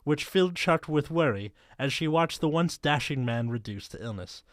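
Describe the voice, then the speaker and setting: A man's voice: on the high side, lively intonation, moderate pace, dry recording, studio quality. A man reading fan fiction aloud on a podcast, stumbling over words and laughing as he goes. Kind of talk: comedic dramatic reading with banter.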